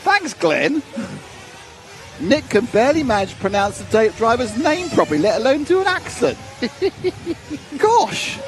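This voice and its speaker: A man's voice: extremely high pitch, big pitch swings, a little slow, pauses often. A British man co-hosting a livestream, chatting and joking with frequent laughter. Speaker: livestream co-host. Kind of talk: casual commentary chat. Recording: music playing under the voices.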